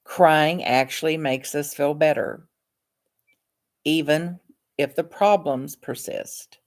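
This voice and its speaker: Slow, low-voiced woman reading calmly. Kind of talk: reading aloud from her own book.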